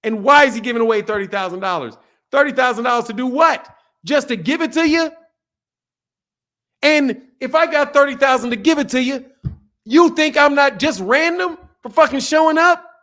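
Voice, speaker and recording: Male reaction host with a very high voice, swearing, incredulous, circling back to the same point. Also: normal speed, fairly bright tone. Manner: profane, incredulous, repeats himself, laughing asides. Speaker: boxing channel host. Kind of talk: casual reaction rant.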